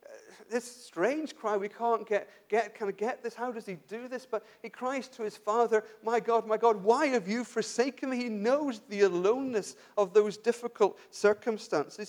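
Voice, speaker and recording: Man, high voice, conversational sermon, rhetorical questions, restarts. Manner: drops to a soft, quiet voice for emphasis. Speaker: preacher.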